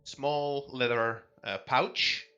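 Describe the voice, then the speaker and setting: A man's voice: mid-range voice, steady tone, very slow, pushed and bright, lo-fi sound. Hesitant man running a tabletop game. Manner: hesitant, searching for words. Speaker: game master.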